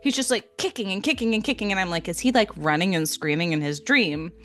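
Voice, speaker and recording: A young adult woman co-hosting a podcast, retelling a story in a casual, animated way with frequent laughs and fillers. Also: mid-range voice, fast talker. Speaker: podcast co-host.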